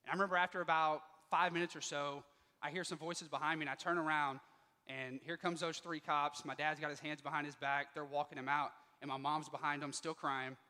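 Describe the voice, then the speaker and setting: A man giving a motivational speech to students, telling a personal story with lively delivery and acting out the dialogue. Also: fairly high pitch, a little fast, big-room sound. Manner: animated, acts out quoted dialogue. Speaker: motivational speaker. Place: school auditorium.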